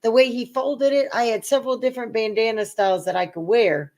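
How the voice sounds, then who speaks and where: Animated woman telling a story. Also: a little high, brisk. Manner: animated storyteller, acts out quoted voices. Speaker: co-host. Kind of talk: casual storytelling chat.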